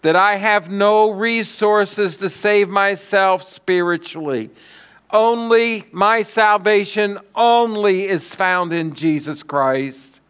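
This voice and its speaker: A middle-aged man preaching a sermon as pastor, telling stories dramatically and swinging from loud declarations to hushed lines. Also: high-pitched, slow pace, clean tone.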